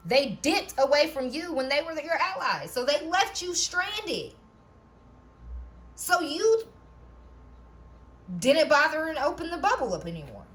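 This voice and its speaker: A woman gives a loose, chatty tarot reading in a slightly higher voice. She checks in with "okay?" after almost every thought. She laughs often and drops the odd curse word. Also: very animated, unhurried, pauses often, fairly bright tone. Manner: repeats "okay?" often, laughs, swears casually. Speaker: tarot reader. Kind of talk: casual spiritual reading.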